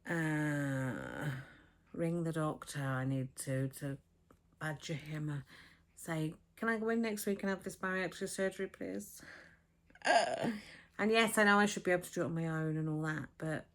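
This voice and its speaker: Frank, swearing woman in her fifties, chatting to a camera at home, voice a touch on the low side. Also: moderate pace, fairly bright tone. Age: 50s. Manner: blunt and frank, swears freely, acts out conversations. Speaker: vlogger. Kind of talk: casual chatty vlog. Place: home, with a dog barking next door. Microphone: camera on a tripod.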